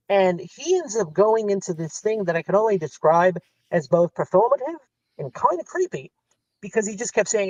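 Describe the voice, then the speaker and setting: High-voiced man telling a rambling story. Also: moderate pace, no echo. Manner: rambling, animated retelling with quoted dialogue. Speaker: guest. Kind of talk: casual storytelling chat. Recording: slightly dull lo-fi sound.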